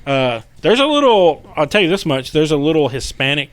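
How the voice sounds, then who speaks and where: A man, a paranormal investigator guest telling a story in casual podcast chat, animated and profane, acting out what people said. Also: on the high side, a little fast.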